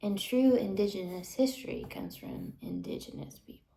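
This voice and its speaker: A woman ranting in an indignant monologue to camera, often dropping into hushed whispered asides. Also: mid-range voice, huge pitch swings, normal speed, gravelly, roomy sound. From United States. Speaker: vlogger.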